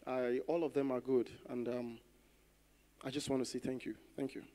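A man's voice: mid-range voice, level tone, moderate pace, warm tone. A male contestant giving thanks, hesitating with many fillers.

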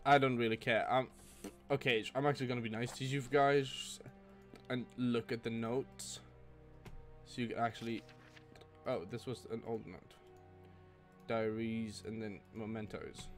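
Young male gamer, casual commentary, quick to curse. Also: mid-range voice, fairly even intonation, faint music behind. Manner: jumpy, swearing, exclaiming. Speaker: gameplay host.

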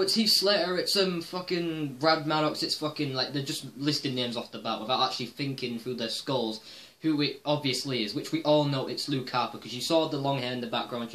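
A man with a medium-pitched, slightly bright voice gives his views on wrestling in a rambling vlog, heavy on swearing and "um" fillers.

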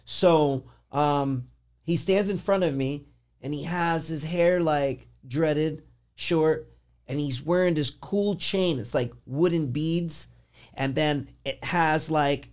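A man's voice: fairly high pitch, slow pace. Man telling a rambling story. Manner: animated, rambling, with lots of "like" and restarts. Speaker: podcast host. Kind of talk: casual storytelling on a podcast.

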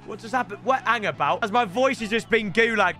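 A young man commentating on his own gameplay, excitable and prone to shouting outbursts, addressing viewers as lads. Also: sits high, brisk, over loud music. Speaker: gaming YouTuber.

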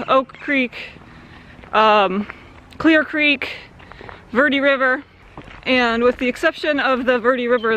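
A woman's voice: a little high, pushed and bright. A young woman from Central Arizona, talking casually in a rambling vlog by a creek swimming hole, with many fillers. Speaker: vlogger. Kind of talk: casual outdoor vlog talk.

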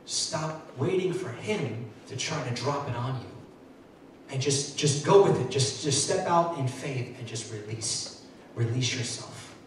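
A man preaching a sermon as pastor, earnest and repeating his words, with excited bursts. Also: medium pitch, measured pace. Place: church sanctuary. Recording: echoey hall, mic far off, faint noise.

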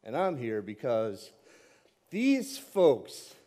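Man, guest speaker, mellow tone, self-deprecating humor, long church reverb. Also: mid-range voice, huge pitch swings, extremely slow. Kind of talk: humorous sermon opening.

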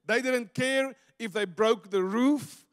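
A South African pastor preaches in a fairly high voice, telling stories and swinging from loud bursts down to near-hushed moments. The sound carries the long reverb of a church hall. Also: male voice, takes it slowly. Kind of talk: sermon. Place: church sanctuary.

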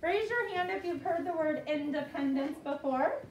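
A woman teaching second graders, saying words slowly and clearly for the class to repeat. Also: high voice, lively intonation, slight background noise. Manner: slow, clear call-and-response teaching. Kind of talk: classroom vocabulary lesson. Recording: echoey classroom mic from far off.

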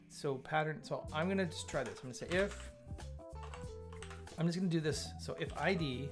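Man live-coding over chill music. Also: a little high. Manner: thinks aloud, chatty asides to chat viewers. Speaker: live-stream coding host. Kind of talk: casual live coding commentary.

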